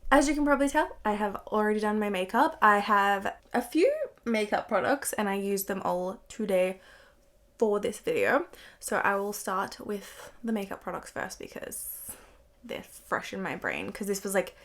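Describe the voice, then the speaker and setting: Young female beauty vlogger, stuffy and croaky with a cold, chatty filler-heavy delivery, mid-pitched, recorded in a bedroom. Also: expressive, moderate pace. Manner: chatty, fills speech with "like". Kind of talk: casual chat to camera. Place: her bedroom.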